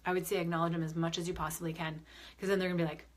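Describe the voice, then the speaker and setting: A woman's voice: on the low side, level tone, racing. A young adult woman working as a medium and spiritual advisor, chatting through a live-stream Q&A, answering viewer comments with many fillers and restarts. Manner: reads viewer comments aloud and answers them. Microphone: phone or webcam on a live video stream.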